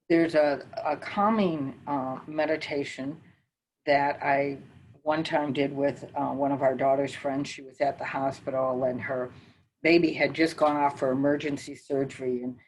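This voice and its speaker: An older woman teaching mindfulness, calmly talking and counting breaths slowly through a guided meditation. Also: low-pitched, low-quality recording. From northern United States.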